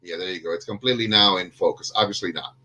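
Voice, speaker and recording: A man's voice: low voice, fast, pushed and bright. A man hosting a casual podcast over a video call, a little under the weather, joking at himself and rambling with lots of fillers. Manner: jokey, self-deprecating, rambling with many fillers. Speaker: podcast host.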